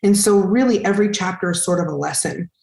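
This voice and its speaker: A woman's voice: mid-range voice, fast talker, gravelly, reverberant. A woman in her forties, a guest on a podcast, telling stories in casual, emotional talk and acting out the quotes. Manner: emotional, animated storytelling with acted-out quotes. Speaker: podcast guest, actress and singer.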